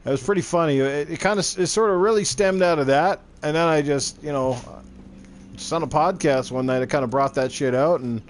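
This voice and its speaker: A man's voice: a little high, a little fast, a little hiss or hum. A middle-aged man chatting casually while streaming a game, rambling and swearing freely. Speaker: gaming streamer. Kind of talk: casual chat while gaming.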